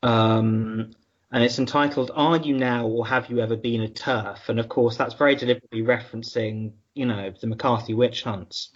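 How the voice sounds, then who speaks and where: A man guesting on a podcast, recounting past events in a reflective, measured way. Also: medium pitch, steady tone, breathy edge. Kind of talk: conversational recollection. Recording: dull, lo-fi sound.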